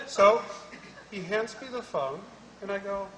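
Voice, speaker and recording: A man's voice: high-pitched, expressive, moderate pace, a bit bright, a little hiss or hum. A man on a conference panel telling a story with animation and acting out both sides of a dialogue. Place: large conference hall. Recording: echoey hall from a distance.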